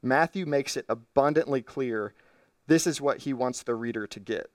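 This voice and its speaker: A male pastor delivers an earnest teaching sermon from the stage. His voice sits at an everyday middle pitch. It is picked up from a little way off the mic, with a dry sound. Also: normal speed, no room sound, far from the mic. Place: church stage.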